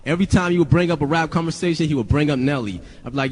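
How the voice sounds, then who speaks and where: A man's voice: on the high side, very fast, few pauses, husky, in a large hall. A young man, a rapper, telling stories casually to friends, swearing often and rambling with many restarts.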